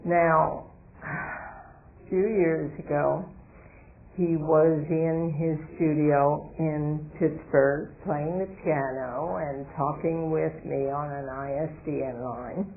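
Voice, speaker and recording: Slow, gravelly older woman speaker. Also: low-pitched, steady tone, phone-quality sound, slight background noise. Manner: slow, deliberate, reflective storytelling. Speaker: guest speaker, radio host. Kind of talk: public talk with audience questions. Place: hotel event room.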